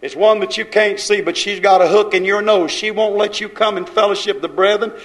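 Man, high-pitched, fiery scolding sermon, repetitive preaching cadence. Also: fairly even intonation, brisk, low-quality recording. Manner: scolding, rhythmic repetition, folksy grammar.

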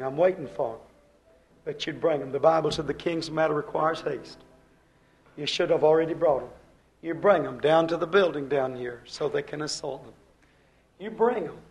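Male pastor, fervent sermon delivery, slightly high voice, swings from loud urging to hushed pleading. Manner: acts out quoted speakers in his own voice.

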